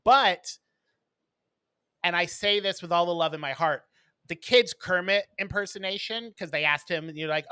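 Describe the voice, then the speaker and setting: Bright-voiced man telling snarky stories. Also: sits high, normal speed, smooth, no echo. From New York. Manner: blunt, snarky storytelling. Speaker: podcast co-host. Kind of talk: casual chat.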